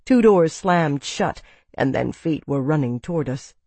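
Audiobook narrator, calm first-person read, dry close booth sound. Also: mid-range voice, measured pace, dry recording.

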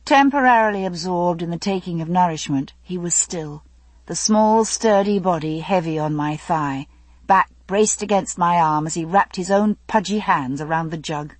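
A woman reading a first-person novel aloud as an audiobook narrator, measured and even. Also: lowish voice, no echo.

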